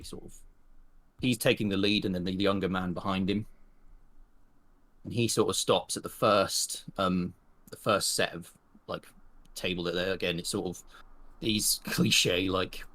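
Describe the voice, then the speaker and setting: A man's voice: low voice, fairly bright tone. A man narrating a western tabletop game as game master, rambling with many fillers.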